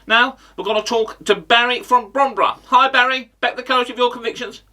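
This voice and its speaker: A man's voice: extremely high pitch, fairly even intonation, pushed and bright, heavily acted. A man impersonating a boastful, insulting male radio phone-in host in a comic sketch. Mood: scornful. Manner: rapid, boastful, rude. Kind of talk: comic impression.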